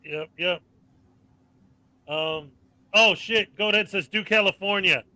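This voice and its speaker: A man's voice: sits high, takes it slowly, sharp tone, dry recording, rough recording. A man co-hosting a casual live-stream chat, ranting and reeling off long lists of names.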